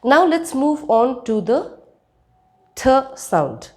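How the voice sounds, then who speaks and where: Slow, careful woman teacher. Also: sits high, sing-song. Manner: slow, careful teacher, demonstrating sounds and checking with "okay?". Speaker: accent coach. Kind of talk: spoken English lesson.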